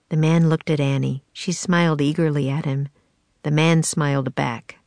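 A woman narrating a children's storybook in a measured, expressive reading. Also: sits low, no echo.

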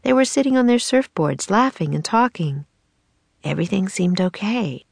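A woman narrating a children's storybook in a steady, measured way. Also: mid-range voice, gravelly, dry recording. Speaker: audiobook narrator.

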